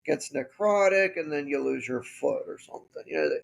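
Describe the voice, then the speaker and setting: A man hosting his own podcast, telling a story in a casual, drawn-out, wry way. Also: on the high side, lively intonation, gravelly. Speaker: podcast host.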